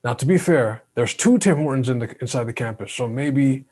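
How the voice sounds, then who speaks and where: Husky young man, slangy. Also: mid-range voice, fairly quick. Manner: relaxed, rambling, slangy, says "yo" and "bro". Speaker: podcast co-host. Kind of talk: casual chat.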